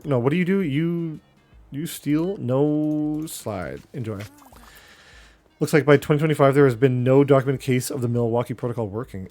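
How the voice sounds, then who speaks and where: A man's voice: medium pitch, a little mellow. A young man streaming a game live, chatting casually with his viewers and reacting as he plays. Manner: chatty, reacting and talking to chat while playing.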